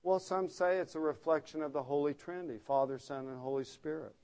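A man's voice: a little high, a little fast, darkish tone. A man preaching an expository sermon, explaining the text earnestly and stressing key words by repeating them.

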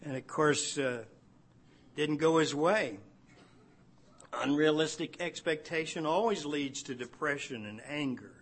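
A man's voice: a little high, unhurried. A man preaching a conversational sermon on a Bible passage. He asks rhetorical questions and laughs now and then. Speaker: pastor.

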